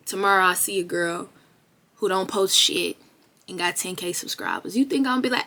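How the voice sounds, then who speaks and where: A young woman speaks straight to camera in a blunt, profane motivational talk. Her voice sits in a middle register, and her delivery is emphatic and animated, now and then climbing into loud, excited bursts. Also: medium pitch, brisk. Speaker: vlogger.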